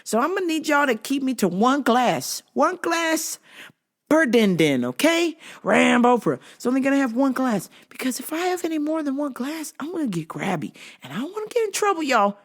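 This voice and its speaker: Animated, joking woman podcast host. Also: sits high, a little fast. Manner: profane, joking storyteller who acts out sounds and voices. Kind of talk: casual comedic monologue.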